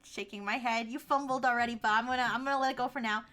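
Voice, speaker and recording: Brash woman streamer, high-pitched, needles her guests loudly. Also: fairly even intonation, very fast. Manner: brash, teasing, loud outbursts. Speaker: VTuber streamer. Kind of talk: livestream chat with AI voices.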